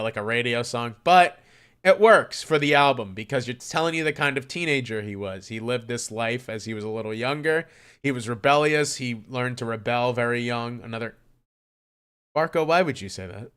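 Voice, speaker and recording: A man streaming live, talking casually about an album he loves, excitable and swearing often, swinging between hushed and loud. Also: mid-range voice, normal speed, clear, resonant tone. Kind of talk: casual livestream music commentary.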